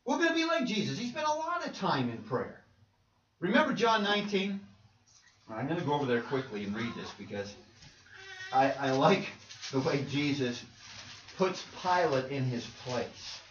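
Man, pastor, conversational sermon, animated voice, distant dull roomy recording. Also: a little high, moderate pace, slight background noise. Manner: conversational preaching with rhetorical questions. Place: church sanctuary.

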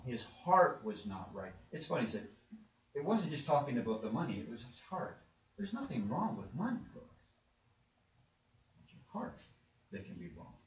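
A man delivers an earnest, plain-spoken sermon, speaking to his congregation as folks. His voice sits a little high. The recording catches him from a distance in an echoey church, with a dull, muffled sound. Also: slight background noise. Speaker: preacher. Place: church sanctuary.

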